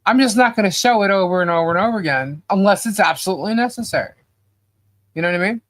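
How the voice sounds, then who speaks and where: A woman's voice: mid-range voice, expressive, quick pace. Exasperated woman ranting on a live stream. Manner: exasperated, sarcastic, laughs often. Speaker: podcast co-host. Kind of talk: casual live-stream chat.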